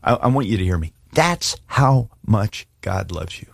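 A man's voice: fairly low pitch, expressive, normal speed, creaky, slightly rough, no echo, clean studio sound. A middle-aged man preaching a sermon and making an earnest, pleading altar call. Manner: earnest, pleading, shifts from hushed prayer to emphatic. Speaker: pastor.

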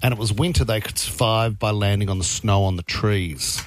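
A man's voice: on the low side, slight background noise. A man with an Australian accent hosting breakfast radio, joking and teasing his co-hosts. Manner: jokey, teasing, quick asides. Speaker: radio show host.

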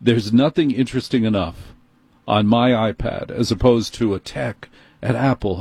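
A man with a New York accent hosting a call-in radio show, telling a story in an animated, indignant way. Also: medium pitch, normal speed, creaky, slightly rough, no room sound. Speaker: radio talk show host. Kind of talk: call-in talk radio monologue. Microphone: studio microphone.

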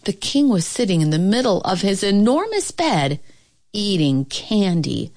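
A woman reading a children's storybook aloud in an expressive, playful way, slowing down for effect. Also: mid-range voice.

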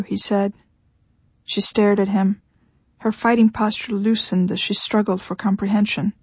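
A woman reads the story in steady, measured narration. Her voice is slightly husky at a middle pitch. It is captured dry and close, with no room sound. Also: no room sound. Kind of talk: audiobook narration.

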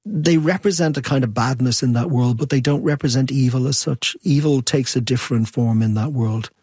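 A man's voice: medium pitch, a little fast, darkish tone, slightly rough, no room sound. A man answering interview questions in a reflective, musing way, then reading aloud from his book. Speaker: author.

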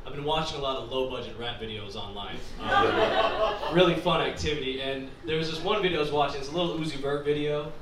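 A man's voice: a little high, fast, very noisy. A man doing a stand-up set with dry, sarcastic asides. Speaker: stand-up comedian. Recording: roomy, distant club recording with loud crowd. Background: crowd laughing.

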